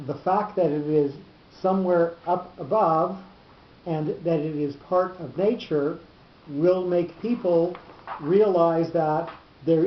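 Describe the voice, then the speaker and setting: A teacher giving a lesson on cantillation notes, explaining slowly and often repeating words as he goes. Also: mid-range voice, echoey room, muffled recording, a little hiss or hum. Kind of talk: lecture on cantillation.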